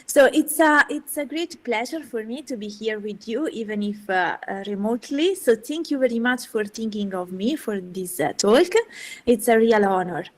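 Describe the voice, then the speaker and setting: A woman giving an academic lecture over a video call, animated and full of hesitant fillers. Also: fairly high pitch, moderate pace. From Italy. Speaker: guest speaker.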